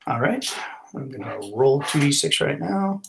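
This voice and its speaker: A man's voice: fairly high pitch, expressive, normal speed, gravelly, a bit bright, slight background noise. A man playing a tabletop role-playing game, describing his moves in a casual, rambling way. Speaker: player.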